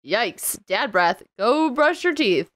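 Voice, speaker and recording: Brief: bossy teen daughter, read by a woman, slow, deadpan delivery. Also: a little high, dry recording, heavily acted. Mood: exasperated. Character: teenage girl daughter, exasperated and bossy.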